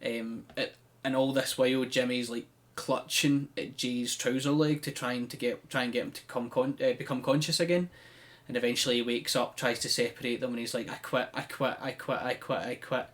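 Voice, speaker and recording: Man, mid-pitched voice, casual podcast chat, rambling storyteller. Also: steady tone, fairly quick. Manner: chatty storyteller with frequent "um" and "like". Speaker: podcast co-host. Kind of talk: casual chat, recapping a wrestling show.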